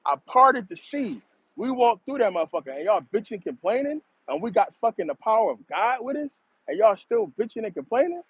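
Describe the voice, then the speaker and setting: A man's voice: sits high, sing-song, fairly quick, breathy edge, no echo, pitched above the performer's own voice, heavily acted. A man voicing an exasperated old male prophet scolding his people in a profane rant. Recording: dull, slightly lo-fi dry recording.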